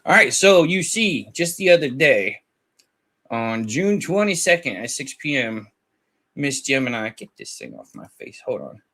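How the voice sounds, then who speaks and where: A man's voice: mid-range voice, big pitch swings, measured pace, sharp tone. A man hosting a casual commentary video, chatting and laughing as he retells online drama and quotes both sides of a chat. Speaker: commentary channel host.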